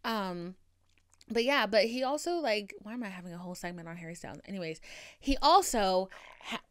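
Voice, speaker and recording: A young woman with a light Boston accent talks in a chatty, profane and dramatic monologue as a podcast host. Her voice is smooth and clear, recorded dry and close with no room sound. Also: mid-range voice, lively intonation, brisk, fairly bright tone, no echo. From Boston area, USA. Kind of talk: casual monologue.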